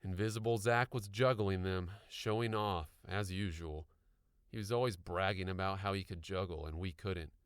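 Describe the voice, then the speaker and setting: A man narrating an audiobook with expressive storytelling. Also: deep voice, moderate pace, clean tone, no echo, clean studio sound.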